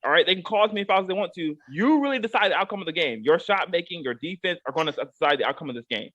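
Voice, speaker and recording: High-pitched, animated man on a rant. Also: racing, no echo, lo-fi sound. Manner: emphatic and repetitive, drives points home with "okay?". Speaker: co-host giving a rant segment. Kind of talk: heated sports rant.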